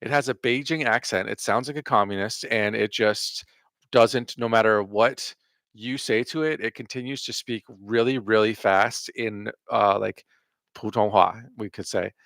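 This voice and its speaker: Male reaction host: low voice, dry close sound, blunt and profane. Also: fairly even intonation, normal speed, creaky, a bit bright, no room sound. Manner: profane, sarcastic rebuttals. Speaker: commentary host reacting to clips. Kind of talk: reaction commentary.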